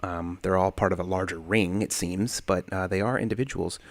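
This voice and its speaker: A man's voice: sits low, brisk, no room sound. A young man hosting a casual livestream from home, chatting on a desk microphone and greeting viewers by name. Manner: laid-back, greets chatters by name, animated swings. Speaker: livestream host. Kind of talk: casual livestream chat reading comments. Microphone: desk condenser mic.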